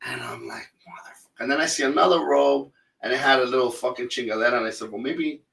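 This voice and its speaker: A man's voice: mid-range voice, fast talker, gravelly, a bit bright, recorded from a distance. A man co-hosting a podcast, telling a story in casual, profane chat and acting out the other people in it. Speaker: podcast co-host. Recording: echoey room, voice a bit off-mic.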